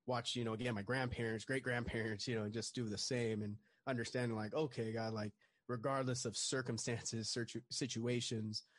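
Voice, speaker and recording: A man's voice: mid-range voice, little pitch movement, brisk, fairly bright tone, no room sound. Reflective man in a dry close sound. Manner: thoughtful, many fillers like "you know". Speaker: podcast guest. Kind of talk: casual reflective conversation.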